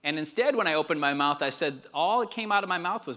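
A middle-aged pastor preaching a sermon, moving between quiet storytelling and emphatic calls to the congregation. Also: male voice, on the high side, lively intonation, fast.

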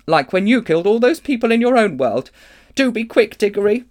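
A man reading aloud, voicing a frightened, bossy young girl in a shrill raised voice. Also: sing-song, a little fast. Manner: shrill, pleading.

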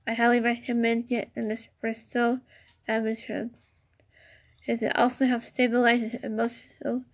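Woman podcast host, slightly high voice, slow halting read with fillers, chatty asides. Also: fairly bright tone. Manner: slow, halting reading with many fillers and restarts. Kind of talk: casual solo podcast about crystals.

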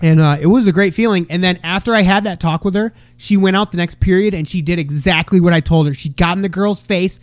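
A man in his thirties hosts a crude comedy podcast in a high, bright-sounding voice. He rambles, swears freely and breaks into loud bursts when quoting people. The sound is close and dry. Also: fast talker, few pauses, no room sound. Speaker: podcast host.

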